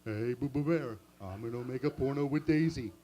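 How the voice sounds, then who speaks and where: Yogi Bear, gruff and cocky, as a man puts him on. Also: mid-range voice, moderate pace, warm tone, lo-fi sound, pitched below the performer's own voice, natural voice. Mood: boastful. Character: low gruff boastful cartoon bear.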